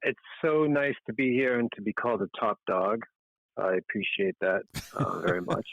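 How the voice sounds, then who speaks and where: A man's voice: on the low side, moderate pace, fairly bright tone, dry recording. Middle-aged man on a tinny phone line. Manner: chatty, rambling, self-deprecating. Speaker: magazine editor-in-chief, guest. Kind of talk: casual interview talk.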